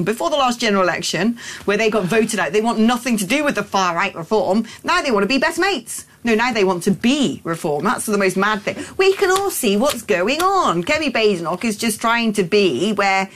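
A woman's voice: mid-range voice, a little hiss or hum. A woman hosting a radio phone-in, chatty and teasing. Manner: chatty, teasing, laughs often. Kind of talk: casual radio chat.

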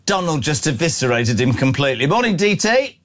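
A man hosting morning radio with a lively, bouncy voice that sits a little high. He banters in a jokey, mocking way and laughs often. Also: fairly quick, slight background noise. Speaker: radio show host. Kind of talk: casual breakfast radio banter.

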